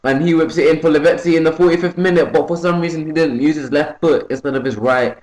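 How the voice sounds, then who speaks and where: A man's voice: a little high, fast, reverberant, low-quality recording. A young man giving casual, rambling play-by-play commentary over a football video game, correcting himself often and perking up when a goal goes in. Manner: rambling, self-correcting, excitable on goals. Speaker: gaming YouTuber.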